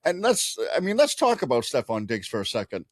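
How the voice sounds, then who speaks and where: A man's voice: medium pitch, wildly swooping pitch, a little fast, dry recording, clean studio sound. A man co-hosting a casual sports podcast, rambling through loose, profane analysis and laughing often. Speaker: podcast co-host.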